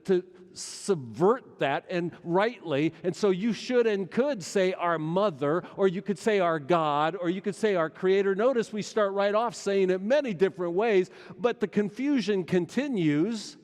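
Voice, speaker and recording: A middle-aged male pastor preaching a sermon, swinging between loud urgency and hushed intensity. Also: high voice, measured pace, hardly any pauses. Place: large church sanctuary. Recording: long church hall reverb.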